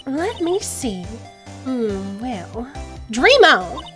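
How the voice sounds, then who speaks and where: A sly young Southern belle drawls out every word, coy and teasing, in a high, sweet voice, as a woman puts her on. She sounds like she is toying with whoever she talks to, unhurried, over faint game music. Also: big pitch swings, fairly bright tone, full character voice. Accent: put-on American Southern.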